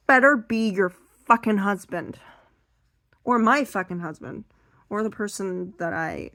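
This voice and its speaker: A young woman talks through a stand-up set from a chair, her voice a little strained. She acts out family members and curses for emphasis, and her pitch sits in the middle. The sound is close and dry, with no room around it. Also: fairly bright tone, dry recording. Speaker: stand-up comedian. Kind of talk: seated stand-up comedy monologue.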